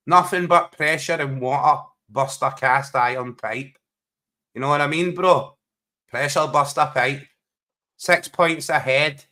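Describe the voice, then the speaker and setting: A man with a bright, slightly high voice banters through a live football watchalong. He laughs often and keeps calling his co-host bro. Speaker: livestream co-host.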